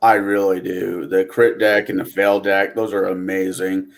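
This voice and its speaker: A man's voice: low-pitched, flat delivery, a little slow, gravelly. A man chatting casually on a tabletop gaming podcast, talking in a rambling, reflective way. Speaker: podcast co-host.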